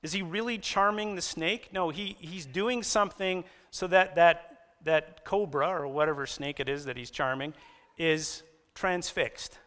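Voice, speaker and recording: A man delivering a sermon in a lively storytelling style, his voice sitting a little high. He jumps up in pitch when he quotes someone. A long reverb hangs behind him, as in a church hall. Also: a little slow. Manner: animated storytelling, raises pitch for quoted lines. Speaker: pastor.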